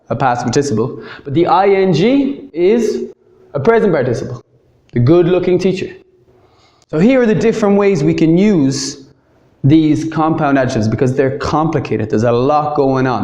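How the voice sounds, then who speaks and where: A man with an Irish accent giving an English grammar lesson, slowing down to say each example phrase clearly. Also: fairly high pitch, darkish tone, reverberant. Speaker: English teacher.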